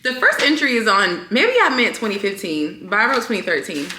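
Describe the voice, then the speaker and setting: A young woman vlogging, chatting casually to the camera in an animated way, full of fillers. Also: medium pitch, brisk, a little hiss or hum. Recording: echoey room.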